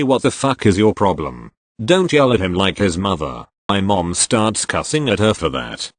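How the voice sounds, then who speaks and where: A man's voice: on the low side, dry recording. A man reading online stories aloud, spelling out abbreviations letter by letter. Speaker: narrator reading online posts.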